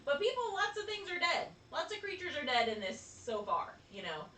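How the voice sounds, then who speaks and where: Lady chatting casually, lots of laughs, bright and a bit far from the mic. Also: high-pitched, normal speed, roomy sound, a little hiss or hum. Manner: animated, laughing often, acts out quotes. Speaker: podcast co-host. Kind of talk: casual chat.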